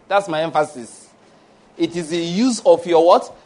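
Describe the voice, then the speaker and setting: A male pastor, preaching a lively sermon that ends in prayer and blessings. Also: on the high side, moderate pace. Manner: lively preaching, laughs at his own stories, call-and-response blessings.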